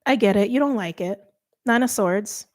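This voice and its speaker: A woman's voice: medium pitch, normal speed. A middle-aged woman giving a casual tarot reading, chatty and thinking aloud with many fillers. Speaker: tarot reader.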